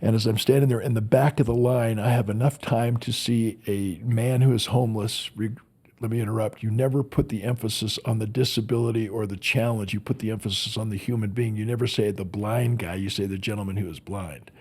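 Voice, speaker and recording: A man's voice: on the low side, steady tone, fairly quick, darkish tone, husky. A man who is a motivational speaker, telling earnest stories as a podcast guest and often repeating words as he searches for them. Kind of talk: storytelling in a podcast interview.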